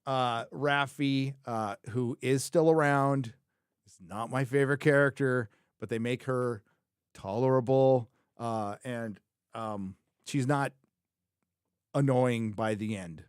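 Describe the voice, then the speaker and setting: Male livestream host, mid-pitched, opinionated and rambling, close dry sound. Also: slow, clean tone, no room sound. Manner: opinionated, repeats his own phrases for emphasis; rambling, thinks aloud, frequent self-corrections. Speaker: show host reviewing a TV series. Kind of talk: casual livestream commentary.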